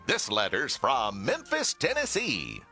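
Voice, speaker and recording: A pompous cartoon superhero host. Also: male voice, medium pitch, huge pitch swings, a little slow, sharp tone, faint music behind, full character voice. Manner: pompous, self-important, theatrical. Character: pompous, vain superhero talk-show host. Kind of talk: TV cartoon voice acting.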